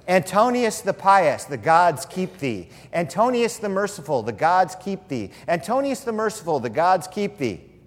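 A man voicing an ancient crowd chanting a ritual plea to their ruler in a slow, droning way, heard in an echoey hall. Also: sits high, very animated, voice pushed up, exaggerated voice.

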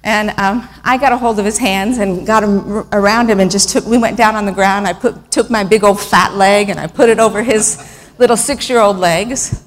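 A woman's voice: medium pitch, steady tone, normal speed. A middle-aged woman giving a missionary talk with slides, telling stories in an earnest, emotional way with fillers and restarts. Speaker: missionary speaker. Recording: long reverb in a hall.

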